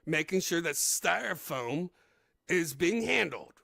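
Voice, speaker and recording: A middle-aged man hosting a casual comedy podcast, rambling and crude in an animated way. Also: a little high, takes it slowly, creaky, dry recording, studio quality. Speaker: podcast host.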